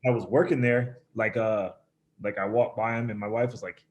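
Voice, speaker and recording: A man's voice: on the low side, a little fast, slight background noise. A young adult man, a pro baseball player, casually telling a long story, rambling with lots of fillers and acting out what people said. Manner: relaxed, rambling, full of fillers, acts out quotes. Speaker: professional baseball pitcher, guest.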